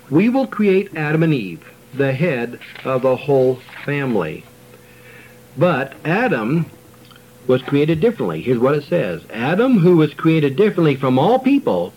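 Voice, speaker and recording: A man giving a religious lecture, reading quoted ancient texts aloud with measured emphasis and slowing on key words. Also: mid-range voice, highs cut off. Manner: measured, reads quotations with emphasis, pauses and slows on key words.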